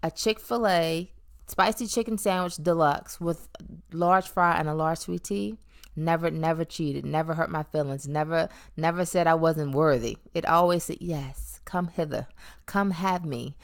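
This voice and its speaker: Candid, lower-voiced woman reflecting aloud. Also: moderate pace. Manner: reflective and conversational, with playful emphasis and many um fillers. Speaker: vlogger sharing her weight-loss story. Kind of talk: candid personal monologue.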